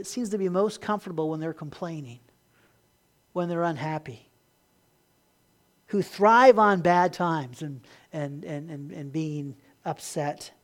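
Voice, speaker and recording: An earnest man preaching a sermon to his congregation. He pushes some points hard and lets others fall soft and low. Now and then he stumbles and repeats a word before going on. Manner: earnest preaching, swings from emphatic to quiet; repeats words when restarting. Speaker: pastor.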